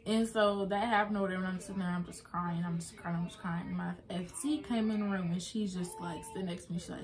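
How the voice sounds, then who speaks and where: A woman's voice: on the low side, fairly even intonation, fast talker, hardly any pauses. Young woman telling a sad story, casual. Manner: casual, emotional retelling with many fillers. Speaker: vlogger. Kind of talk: personal storytime.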